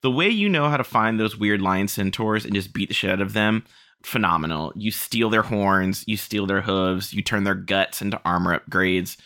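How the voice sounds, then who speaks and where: A woman's voice: a bass voice, normal speed, a bit bright. A woman co-hosting a podcast in casual chat, laid-back, swearing and hyping others up. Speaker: podcast co-host.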